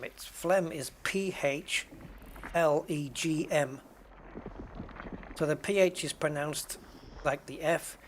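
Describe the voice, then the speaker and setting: A man's voice: fairly high pitch, a little hiss or hum. A British man streaming a game, chatting casually with his viewers in a rambling way and often correcting himself. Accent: British English. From United Kingdom. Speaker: game streamer answering chat. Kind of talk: casual chat while gaming.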